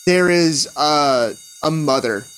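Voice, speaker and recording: A man running a tabletop game as game master, narrating scenes and calling for rolls in a relaxed way. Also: a little high, slow pace, clean tone, rough recording.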